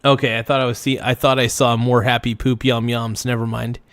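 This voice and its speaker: A man's voice: medium pitch, flat delivery, fairly quick, fairly bright tone. A man in his forties hosts a casual livestream, reacting to footage. He jokes around and slips into sing-song chants, with a mid-range voice. The sound is dry and close, with no room echo. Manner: playful, sing-song repetition. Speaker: livestream host reacting to a video.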